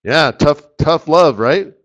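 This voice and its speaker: A man's voice: a little high, animated, takes it slowly. A man giving a live trading webinar in a casual, rambling, joking way, often checking in with "right?". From Canada. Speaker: forex market strategist presenting a webinar. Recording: slightly muffled webinar audio.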